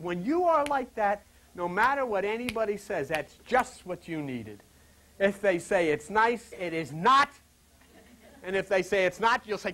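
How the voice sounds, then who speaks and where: A man's voice: high voice, a bit bright, rough recording. A man giving an informal spiritual lecture to a small group, rambling, chuckling through joking asides and putting questions straight to his listeners. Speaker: spiritual teacher.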